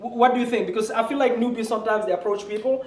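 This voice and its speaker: A man's voice: high-pitched, fairly even intonation, very fast, echoey room, low-quality recording. A man co-hosting a casual real estate video, talking energetically and calling the viewers guys. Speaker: real estate investor and channel co-host. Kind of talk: casual co-hosted video talk.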